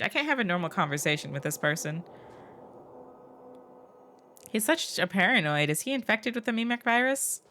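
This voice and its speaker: A woman's voice: lowish voice, animated, moderate pace, long pauses. Woman streamer chatting over game. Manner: chatty, reacts aloud, sometimes quiet asides. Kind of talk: casual game commentary.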